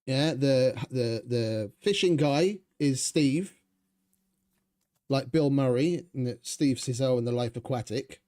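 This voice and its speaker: A man rambles through his gameplay in a relaxed, mellow voice, chatting casually and swearing freely. His pitch sits in an ordinary middle range as he muses aloud. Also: slow pace. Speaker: gaming streamer.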